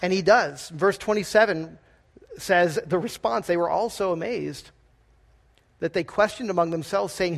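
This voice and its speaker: A man's voice: high voice, moderate pace, gravelly. A man preaching a sermon in a conversational, emphatic style and often checking in with the congregation with "right?". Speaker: pastor.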